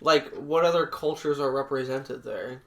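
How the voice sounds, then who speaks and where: A man's voice: medium pitch, moderate pace. A man co-hosting a podcast in casual chat, blunt, profane and dismissive. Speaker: podcast co-host.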